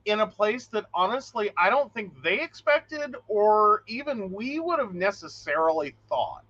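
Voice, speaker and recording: A man's voice: sits high, unhurried, muffled recording. A man co-hosting a casual podcast chat, telling stories with lots of laughter and acted-out quotes. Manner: animated storyteller, acts out quotes, laughs often. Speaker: podcast co-host.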